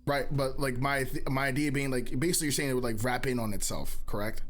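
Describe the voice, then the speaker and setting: A man's voice: medium pitch, steady tone, faint music behind. A man playing a tabletop role-playing game, asking questions and arguing the rules. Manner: quick, questioning, argues rules. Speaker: player.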